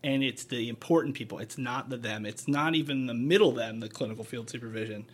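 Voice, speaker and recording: A man's voice: medium pitch, fairly quick. A man co-hosting a podcast in casual chat, often agreeing and adding his own thoughts. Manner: supportive, frequent agreeing interjections. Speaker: podcast co-host, paramedic.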